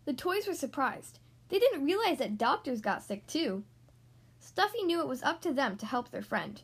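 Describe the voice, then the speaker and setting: A woman hosting a podcast, reading a picture book aloud to young kids in a gentle, friendly way. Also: high-pitched, very animated, moderate pace. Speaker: children's book reader, podcast host.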